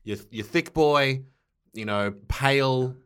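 A man's voice: mid-range voice, takes it slowly, a little hiss or hum. A man co-hosting a casual food podcast, joking and playful. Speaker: podcast co-host. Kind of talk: casual chat.

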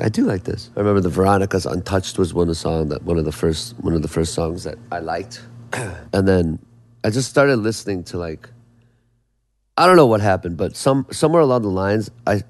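A man's voice: deep voice, gravelly, darkish tone. A man telling stories as an interview guest, rambling and profane, with many restarts. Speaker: songwriter and producer guest. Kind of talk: casual storytelling interview.

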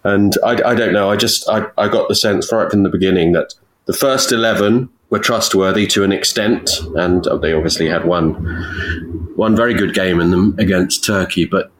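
A man's voice: low-pitched, moderate pace, rough recording. A man giving football analysis on a podcast, thinking aloud and hesitating often. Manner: hesitant, with many restarts. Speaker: football pundit. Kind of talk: casual podcast discussion.

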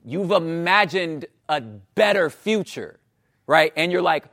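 A man in his thirties preaching a casual, conversational sermon, animated and slangy, often asking "you know what I'm saying". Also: fairly high pitch, slow pace. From Los Angeles area.

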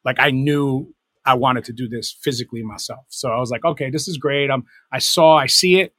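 A man's voice: mid-range voice, a little fast, a bit bright, no echo. A middle-aged man, a DJ and producer, telling rambling, self-correcting stories in a casual interview. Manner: rambling, self-correcting anecdotes with many fillers. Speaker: guest, DJ and producer.

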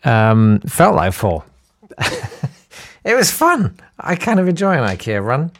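A man's voice: mid-range voice, wildly swooping pitch, a little slow, no echo, clean studio sound. A man hosting a comedy podcast, rambling and self-deprecating with many fillers. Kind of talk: casual comic monologue.

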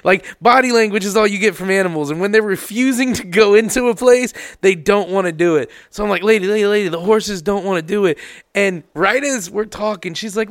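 A man's voice: high-pitched, normal speed, fairly bright tone, dry recording, clean studio sound. A man in casual podcast chat, telling a story with acted-out quotes, swearing and laughing.

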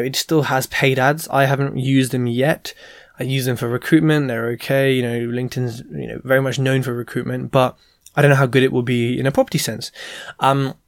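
A man's voice: mid-range voice, no echo, clean studio sound. A man hosting a show, giving casual advice in a chatty way with plenty of fillers and asides. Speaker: podcast host giving business advice.

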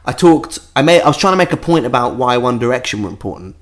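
A man's voice: medium pitch, animated, fast talker. A man co-hosting a podcast, joking crudely and laughing often in casual chat. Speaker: podcast co-host.

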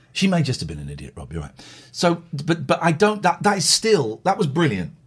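A man hosting a chat show, telling stories in a rambling, animated way. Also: medium pitch, breathy edge. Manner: rambling, lively, mimics others. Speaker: podcast host.

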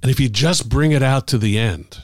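A man, middle-aged or older, an author telling stories about the craft of writing in a casual, halting way with many fillers. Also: mid-range voice, no echo, studio quality. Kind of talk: casual conversational storytelling.

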